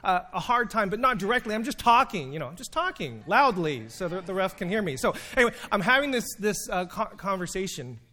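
A man preaching a sermon in a fairly high voice. He tells stories with humor, shifting between slow emphatic phrases and quick asides. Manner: animated storytelling with humor and emphatic pauses. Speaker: preacher and teacher.

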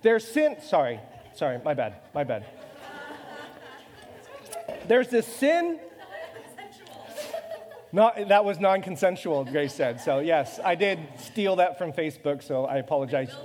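A man's voice: fairly high pitch, very animated, a little slow, pauses often, darkish tone, in a large hall, some chatter behind. A man preaching a sermon in a loose, conversational way, joking at his own expense and firing off rhetorical questions. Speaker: pastor.

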